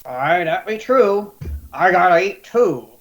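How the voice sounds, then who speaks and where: A gruff old uncle, a retired fighter who now makes weapons, played by a man in a tabletop game. Plain-spoken and rambling, with a higher-than-usual voice. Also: animated, measured pace, a bit bright, soft background music, heavily acted. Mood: fond.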